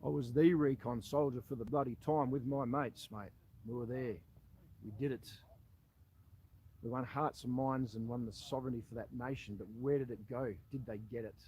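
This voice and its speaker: An Australian man, an army veteran, giving a blunt, earnest monologue aimed at an official, with loud appeals that sink to low asides. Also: fairly even intonation, moderate pace, slight background noise, rough recording. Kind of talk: impassioned monologue addressed to an official.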